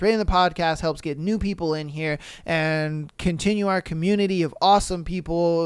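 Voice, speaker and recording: Male podcast host, relaxed and slangy, smooth clear voice, dry mic. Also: fairly high pitch, no echo. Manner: laid-back, slangy, laughs often. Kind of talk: casual podcast chat reading listener stories.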